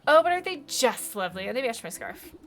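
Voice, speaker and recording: A flamboyant stone gargoyle who gushes over fashion, put on by a woman. Its voice sits raised and bright, theatrical and loud, like a creature straight out of a cozy video game. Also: a little high, lively intonation, fast, soft background music, pitched above the performer's own voice. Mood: gushing. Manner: gushing, theatrical.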